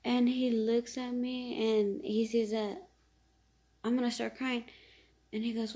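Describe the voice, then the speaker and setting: Woman, casual storytime, rambling with fillers, gravelly, mellow tone. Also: a little high, level tone, unhurried. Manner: rambling, with many fillers and mild swearing. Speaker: vlogger telling a story.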